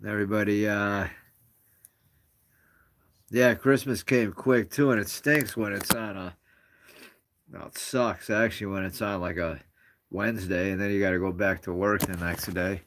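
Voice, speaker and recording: A man's voice: lowish voice, steady tone, moderate pace, pauses often, fairly bright tone. A man hosting a casual live stream from home on his phone, rambling and greeting viewers as they join. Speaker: livestream host.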